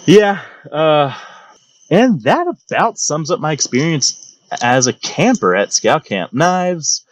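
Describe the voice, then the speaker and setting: Animated young man telling comic stories. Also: on the high side, slow, no echo. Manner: mock-grand, sarcastic, theatrical. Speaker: storytelling channel host. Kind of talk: comedic storytelling monologue.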